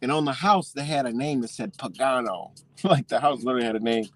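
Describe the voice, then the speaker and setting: A man casually telling a story as a vlogger, swearing freely and animated as he talks. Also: medium pitch, a little fast, slight background noise.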